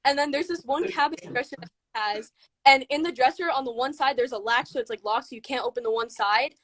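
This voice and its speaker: A young woman, a guest on a livestream, tells a ghost story in a rushed, excited way, full of "like". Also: sits high, no room sound. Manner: excited, rushed telling with many "like"s.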